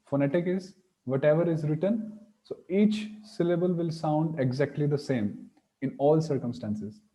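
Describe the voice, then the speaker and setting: A man teaching a pronunciation lesson, slowly demonstrating sounds and repeating syllables. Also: a little high, dark tone. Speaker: Sanskrit teacher.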